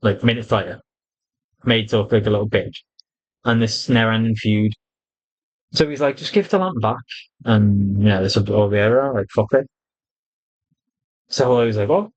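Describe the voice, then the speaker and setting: A man's voice: fairly low pitch, normal speed, long pauses, poor audio. Sweary man reviewing wrestling. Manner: blunt, sweary, animated retelling with quoted voices. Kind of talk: casual opinionated review.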